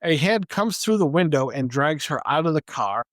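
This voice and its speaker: A man's voice: on the high side, expressive, moderate pace, fairly bright tone, no echo, studio quality. A man co-hosting a podcast who retells a movie's scenes step by step and quotes the characters as he goes. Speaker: podcast co-host. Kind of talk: casual movie plot recap.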